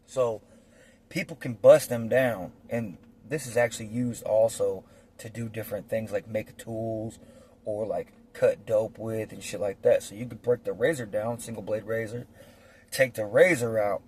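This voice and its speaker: A man with a lowish, darkish voice and fairly even intonation tells prison stories at a moderate pace, with slight background noise. Recorded on a phone, the casual monologue is blunt, profane, rambling and heavy with fillers.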